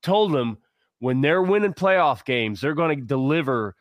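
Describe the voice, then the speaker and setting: A man's voice: a little high, lively intonation, unhurried, no echo. A man co-hosting a casual sports talk show, speaking with passion and rambling through many restarts. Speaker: podcast co-host.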